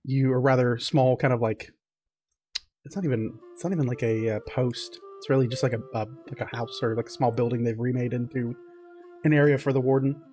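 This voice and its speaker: A man's voice: medium pitch, steady tone, fairly quick, darkish tone, faint music behind. A man narrating as game master of a tabletop game, loose and laughing, with many fillers.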